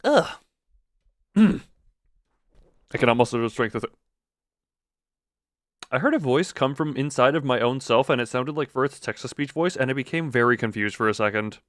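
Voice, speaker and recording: Animated, laughing male game streamer. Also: mid-range voice, moderate pace, pauses often, dry recording, studio quality. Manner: animated, laughs often, jokes about the story. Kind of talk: reading a game's story aloud with live reactions.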